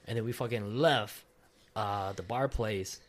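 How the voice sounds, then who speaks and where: A man's voice: lowish voice, a little slow. A young man tells a night-out story in a loose, rambling way. He laughs often and swears freely, with plenty of slang. It sounds like casual talk between friends. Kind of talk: casual chat.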